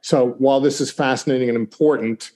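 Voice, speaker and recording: A man hosting an interview, brisk and guiding, with a joking edge. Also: mid-range voice, steady tone, warm tone. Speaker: host. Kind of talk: casual interview talk.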